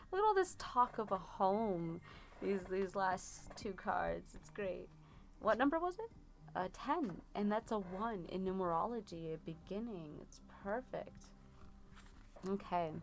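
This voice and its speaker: A woman's voice: medium pitch, lively intonation, measured pace. A woman giving a tarot reading on a live stream, chatty and rambling, with many fillers. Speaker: tarot reader.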